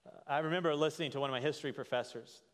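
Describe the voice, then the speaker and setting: A pastor preaching a sermon in a conversational way, often checking in with "right?". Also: male voice, on the high side, racing. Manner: conversational, frequent "right?" tag questions. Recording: reverberant hall.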